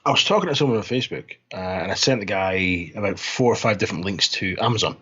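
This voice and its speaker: A man's voice: low voice, expressive, fast, bright, forceful tone, highs cut off. A man co-hosting a gaming podcast in casual chat, rambling, laughing and restarting his words. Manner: rambling, laughing, repeats words when starting. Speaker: podcast host.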